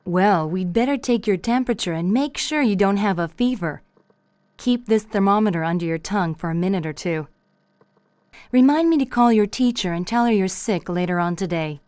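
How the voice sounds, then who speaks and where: Calm woman reading a mother's lines. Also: medium pitch, normal speed, no echo. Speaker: mother in dialogue. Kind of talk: scripted practice dialogue.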